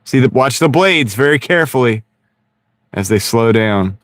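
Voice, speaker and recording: A man's voice: mid-range voice, lively intonation, moderate pace, a bit bright, no echo. A man hosting a casual live stream from his car, rambling and joking with viewers, often breaking into laughter, on a wireless clip-on mic. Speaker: livestream host chatting with viewers. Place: inside a car. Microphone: wireless clip-on microphone.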